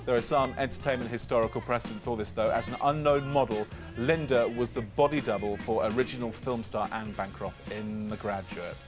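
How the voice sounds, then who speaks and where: A man's voice: mid-range voice, brisk, few pauses, music in the background. A man hosting a gossip news show, jokey and self-mocking as he banters with his guests. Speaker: host. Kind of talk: chatty showbiz news presenting.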